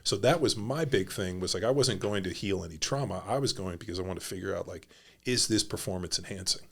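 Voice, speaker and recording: A man's voice: sits low, brisk, fairly bright tone, breathy edge. A man hosting a podcast in a casual, blunt and profane way, rambling through his thoughts. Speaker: podcast host.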